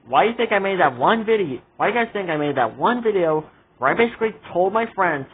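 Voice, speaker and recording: Over tinny, phone-like audio with slight background noise, a male vlogger rants casually about a show he's reviewing. His voice is high-pitched and lively in intonation, and he talks fast. He sounds exasperated and indignant, repeatedly going off on asides.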